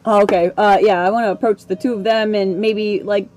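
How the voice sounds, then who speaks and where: A woman's voice: medium pitch, fairly even intonation, moderate pace, darkish tone, faint music behind. A woman playing a tabletop game, chatting casually and mildly exasperated. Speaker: player.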